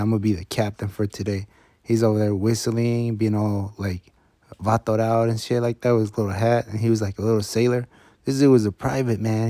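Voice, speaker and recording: A man's voice: fairly low pitch, mellow, no echo, studio quality. A man telling a story in a loose, casual, profane way, full of slang. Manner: slangy, loose, swears a lot.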